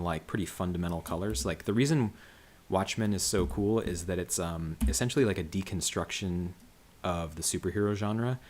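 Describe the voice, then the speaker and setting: A man coloring comics on a livestream, talking casually about his process in a rambling way full of fillers and restarts. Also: low-pitched. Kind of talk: casual livestream commentary while working.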